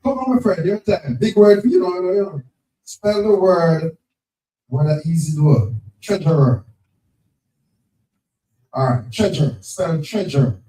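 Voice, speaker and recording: A man, hosting a live spelling game at an event, brisk and teasing, repeating each word. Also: a little high, animated, warm tone. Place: event venue with crowd. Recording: echoey, distant from the mic.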